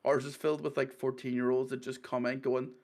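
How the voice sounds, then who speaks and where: A man's voice: medium pitch, level tone, fairly quick, gravelly, a little mellow. A man with a Northern Irish accent, hosting a podcast in loose, sweary casual chat and laughing often. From Northern Ireland. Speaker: podcast host.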